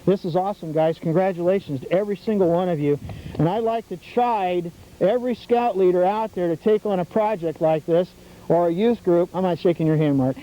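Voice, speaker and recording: A man's voice: high voice, brisk, warm tone. A middle-aged man hosting an outdoor nature show, coaching a group of scouts in a teacherly, enthusiastic way, recorded outdoors. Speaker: TV host leading scouts on a nature walk. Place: outdoors at a birdhouse trail. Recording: dull 1990s public access TV audio with faint noise.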